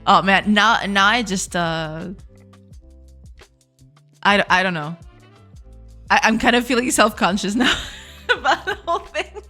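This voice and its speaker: Woman streamer, chatty, laughs a lot, pitch jumps all over, faint music behind. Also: expressive, measured pace, pauses often, pushed and bright. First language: Portuguese. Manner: laughs often, chats with viewers. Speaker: game dev streamer. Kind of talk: casual live-stream chat.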